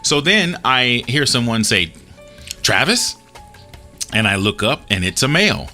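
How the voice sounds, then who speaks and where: Bright-voiced man telling a story. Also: mid-range voice, sing-song, a little slow, faint music behind. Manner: earnest, retells dialogue with small restarts. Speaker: host telling a personal story. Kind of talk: casual storytelling.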